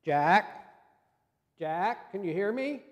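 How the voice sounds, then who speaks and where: A man voicing God as a calm, patient presence, speaking gently but firmly. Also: high voice, very slow, in a large hall, full character voice.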